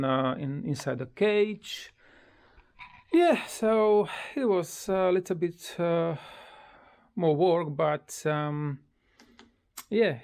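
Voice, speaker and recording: Casual home vlogger, unhurried with a rough fry, stumbling through non-native English, cooing to the pet. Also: darkish tone. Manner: hesitant with many fillers and restarts, non-native English grammar; coos in a high sing-song voice when talking to the bird. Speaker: parrot owner showing a homemade bird playground. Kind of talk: casual home video chat. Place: at home beside the parrot.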